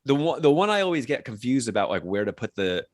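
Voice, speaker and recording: A man in his thirties, a guest chatting casually on a podcast, telling stories with lively pitch jumps when he mimics others. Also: quick pace, dry recording, studio quality. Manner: animated storytelling, mimics voices with pitch jumps. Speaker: guest, music writer.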